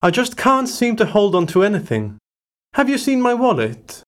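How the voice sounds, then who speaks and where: Man with a lively, slightly high voice. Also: normal speed. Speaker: dialogue actor in a listening exercise. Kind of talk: scripted everyday dialogue.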